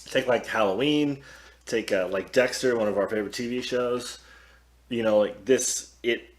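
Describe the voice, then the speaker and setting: A man's voice: mid-range voice, moderate pace. A man co-hosting a casual movie discussion, laid-back and thinking aloud with fillers. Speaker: podcast co-host.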